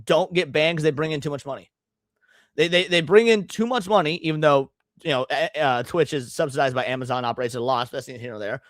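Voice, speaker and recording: Man, stream host, blunt, sweary, emphatic, slightly high voice, dry sound. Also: fast talker, dry recording. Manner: blunt, profane, emphatic ranting. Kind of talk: live-stream reaction commentary.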